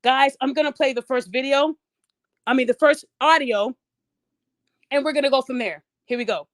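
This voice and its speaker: A woman's voice: sits high, moderate pace, no room sound. A woman podcast host giving heated, profane commentary, mocking and incredulous, and acting out quoted people in sing-song voices.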